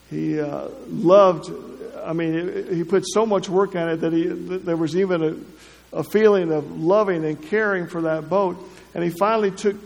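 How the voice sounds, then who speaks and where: A man preaching a sermon, halting, with many restarts and repeated words. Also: sits high, creaky, a little mellow. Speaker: pastor. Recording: long hall reverb.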